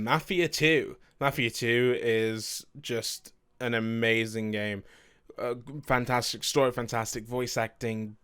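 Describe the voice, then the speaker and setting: A man's voice: medium pitch, a bit bright, clear, resonant tone. A young man chatting casually about his favourite video games, rambling, correcting himself and swearing now and then. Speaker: video game streamer.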